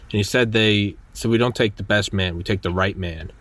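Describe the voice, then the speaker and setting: A man with a fairly low voice hosts a relaxed podcast. He talks loosely and swears freely as he asks his questions. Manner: profane, chatty, reacting with quick interjections. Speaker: podcast host. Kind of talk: casual podcast chat.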